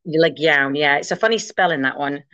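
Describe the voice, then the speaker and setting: A Scottish woman talks quickly and playfully, laughing often as she teaches words in a casual podcast chat. Her voice sits on the low side for a woman. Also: fairly bright tone, lo-fi sound. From Scotland. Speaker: guest teaching Gaelic.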